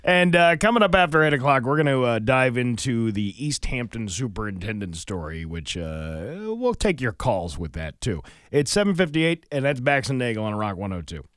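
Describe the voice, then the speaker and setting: A man hosting a morning radio show, reading news and weather and joking with his co-host in a casual, animated way. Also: mid-range voice, moderate pace, hardly any pauses, no echo, clean studio sound. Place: radio studio. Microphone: studio microphone.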